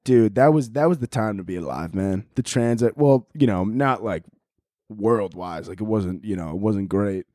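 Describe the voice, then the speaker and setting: A man's voice: on the low side, moderate pace, warm tone, no room sound, studio quality. A man hosting a podcast, ranting casually, swearing often and laughing at his own jokes. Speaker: podcast host. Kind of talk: casual comedic rant.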